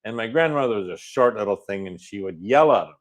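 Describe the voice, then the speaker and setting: A man's voice: lowish voice, animated, fast talker. An older man co-hosting a livestream, reading out viewer comments and teasing his co-host in casual chat. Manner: reads chat comments aloud, dry teasing.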